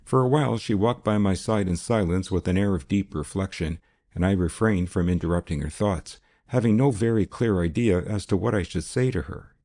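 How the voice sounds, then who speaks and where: A man narrating an audiobook in the first person, measured and formal. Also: deep voice, warm tone.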